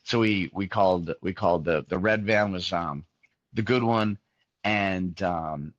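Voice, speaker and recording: A man's voice: low-pitched, measured pace, no room sound. A man in his fifties being interviewed, telling casual stories with lots of fillers and restarts. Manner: rambling, many fillers and restarts. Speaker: musician, interview guest. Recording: dull, muffled sound, dry.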